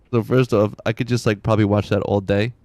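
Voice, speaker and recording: A man's voice: fairly low pitch, a little mellow, no room sound. A man in his thirties chatting casually while streaming a game, rambling, laughing often and muttering to himself.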